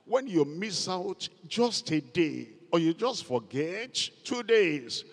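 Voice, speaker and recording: A man's voice: sits high, sing-song, takes it slowly. Man, pastor, sermon, emphatic, repeats key words, long hall reverb.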